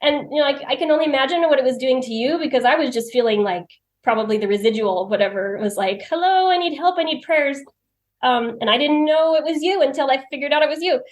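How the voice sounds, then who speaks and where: A woman's voice: high voice, steady tone, fast talker. A woman telling personal stories as a podcast guest. She is chatty, laughs often and acts out what she said to herself. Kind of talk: personal storytelling in conversation. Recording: roomy echo.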